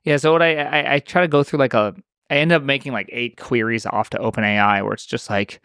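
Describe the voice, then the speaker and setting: A man talking as a podcast guest in casual conversation, rambling and animated, with lots of restarts and fillers. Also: mid-range voice, a little fast, clean tone, dry recording, studio quality.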